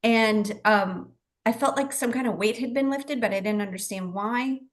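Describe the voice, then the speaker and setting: A middle-aged woman, a guest psychic medium, telling her story in a lively, chatty way, laughing often and acting out what she said back then. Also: a little high, normal speed. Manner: animated, chatty, laughs often, acts out her own past words. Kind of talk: casual storytelling in a talk show interview.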